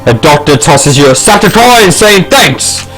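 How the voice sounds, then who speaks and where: A man's voice: fairly high pitch, big pitch swings, unhurried, fairly bright tone, soft background music, rough recording. A man playing a text game, reading the story aloud with casual asides. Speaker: gamer. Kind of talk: casual let's play narration.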